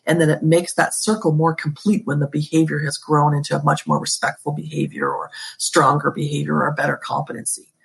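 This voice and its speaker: A woman's voice: low-pitched, little pitch movement, fairly quick, gravelly, slightly rough. A woman guest talking as an educator and school leader in a podcast interview, emphatic and passionate, with pet phrases she repeats.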